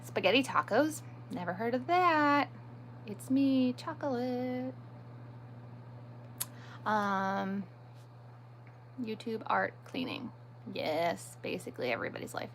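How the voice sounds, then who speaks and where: Bright-voiced chatty woman streaming live. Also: mid-range voice, big pitch swings, a little slow, creaky, slight background noise. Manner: chatty, answers viewer comments as they come; self-deprecating. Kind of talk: casual live-stream chat.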